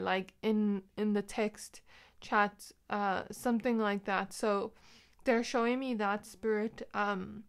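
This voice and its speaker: A woman's voice: medium pitch, steady tone, takes it slowly, smooth. A young woman giving a pick-a-card tarot reading, talking in a loose, rambling way with many fillers. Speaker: tarot reader.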